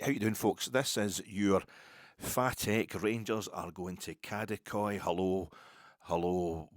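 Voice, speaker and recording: Scottish male podcaster, 50s, low voice, dry close mic, loose rambling delivery that keeps restarting. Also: no room sound. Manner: rambling, self-interrupting storyteller. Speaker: podcast host. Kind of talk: casual podcast monologue.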